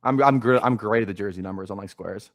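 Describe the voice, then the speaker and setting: Relaxed male co-host, rambling and casual, dry close mic. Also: fairly low pitch, fast, no room sound. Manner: easygoing, rambling, with fillers. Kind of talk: casual chat on a live stream.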